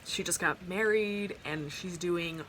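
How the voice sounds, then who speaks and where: On a phone camera at home near an open window, a young adult woman records a casual storytime vlog, a rambling, heartfelt personal tale full of fillers and restarts. Her voice is on the low side and slow, with a fairly bright tone and a little hiss or hum underneath.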